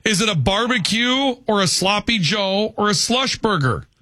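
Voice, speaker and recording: A man's voice: sits high, animated, moderate pace, pushed and bright, dry recording, studio quality. A man hosting a call-in radio talk show, talking conversationally and peppering his points with "okay".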